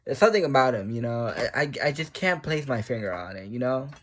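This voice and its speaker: A man's voice: medium pitch, very animated, fairly quick, a little hiss or hum. A man vlogging in a casual, emotional way about a game, laughing often and rambling with restarts. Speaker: gaming vlogger. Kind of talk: casual monologue.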